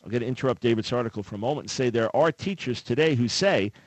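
A man's voice: medium pitch, quick pace, no echo, poor audio. A man hosting a radio call-in talk show, speaking in an earnest, conversational way on a studio microphone. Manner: earnest, conversational, acts out imagined callers.

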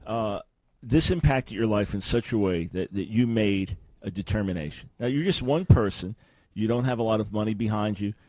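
A man's voice: lowish voice, moderate pace, hardly any pauses, darkish tone, no room sound. A man hosting an interview, asking probing questions and sometimes playing devil's advocate with sarcasm. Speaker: interview host.

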